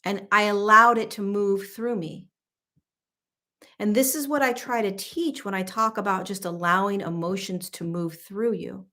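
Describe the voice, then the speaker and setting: A woman's voice: medium pitch, a bit bright. A woman in her thirties, a spiritual teacher, talking casually and animatedly, acting out her own inner voice with frank, mild swearing. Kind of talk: casual talk to camera.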